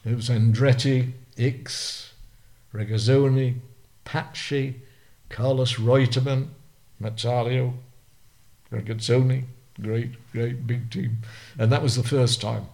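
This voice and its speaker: Older man, Lancashire accent, lively anecdotal storyteller, mid-pitched voice, interview guest. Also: slow pace, pauses often. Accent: Lancashire English. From Lancashire, England. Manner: vivid storyteller, acts out the people he quotes. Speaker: guest, retired racing driver.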